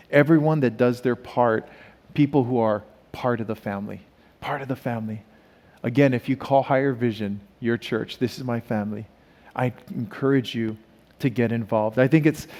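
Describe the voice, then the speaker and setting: A middle-aged man, a guest pastor, preaching a sermon and telling a family story that builds into animated exasperation. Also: mid-range voice. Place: church auditorium. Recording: church hall reverb.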